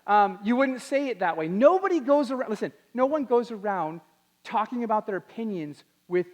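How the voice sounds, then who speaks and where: A young man giving an animated talk to a youth audience, acting out quotes in put-on voices. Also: high voice, normal speed. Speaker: youth speaker.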